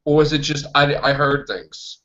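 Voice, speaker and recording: A man hosting a casual fan chat, excitable, stammering and restarting, acting out quotes. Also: a little high, moderate pace. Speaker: podcast host. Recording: dull lo-fi recording.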